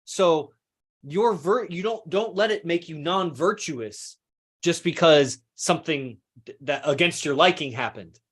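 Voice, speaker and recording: A man with a slightly high-pitched voice talks through ideas in a loose, meandering monologue. He swears without a second thought and often trips over his words, then starts the sentence again. It sounds like an easygoing podcast host thinking aloud. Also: a little slow, fairly bright tone, breathy edge. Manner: rambling, swears freely, self-correcting. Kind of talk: casual philosophical monologue.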